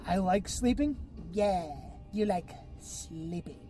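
A man's voice: extremely high pitch, animated, fairly quick, a little mellow, soft background music, voice pushed up. A man voicing a smug, pushy male scientist, brash and dismissive. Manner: calls everyone buddy, brash and dismissive.

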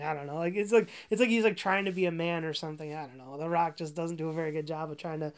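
A woman's voice: low-pitched, steady tone, fast talker, hardly any pauses. A woman ranting casually about a movie, rambling with constant "like" fillers, profanity and frequent laughs.

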